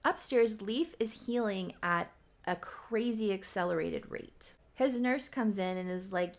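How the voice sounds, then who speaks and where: A young woman casually recapping her own Sims story, chatty and quick, with offhand asides. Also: mid-range voice. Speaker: YouTuber.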